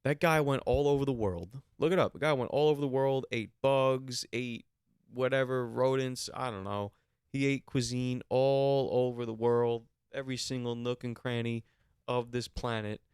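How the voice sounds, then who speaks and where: A man's voice: mid-range voice, fairly even intonation, normal speed, a little mellow, clean tone, dry recording, clean studio sound. A man hosting a podcast alone, ranting comically with big jumps into incredulous, raised questions while holding a handheld mic. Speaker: podcast host. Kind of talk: solo comedic rant. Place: alone in a small room.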